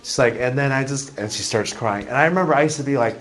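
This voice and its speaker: A man's voice: mid-range voice, lively intonation, a little fast. Male math teacher, chatty and self-deprecating, noisy classroom capture.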